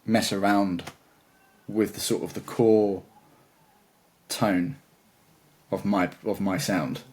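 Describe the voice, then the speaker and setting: A man's voice: fairly low pitch, fairly even intonation, slow, a little mellow, breathy edge. A man chatting as a guitarist guest in an interview, talking in a rambling, enthusiastic way. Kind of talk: casual interview chat.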